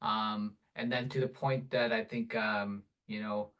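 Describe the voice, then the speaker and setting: A man hosting a casual live Q&A over a video call, relaxed and chatty, laughing often. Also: lowish voice, measured pace. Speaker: webinar host, product support.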